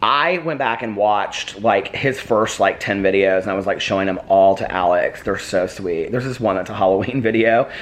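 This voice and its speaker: A man's voice: on the low side, moderate pace, hardly any pauses. A man chatting casually in a daily vlog at home, giggling often and cooing at his dogs. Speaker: vlogger.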